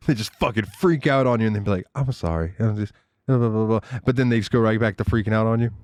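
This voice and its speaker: A man in casual podcast chat who laughs a lot and talks in an animated, profane way. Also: on the low side, no room sound, clean studio sound. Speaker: podcast co-host.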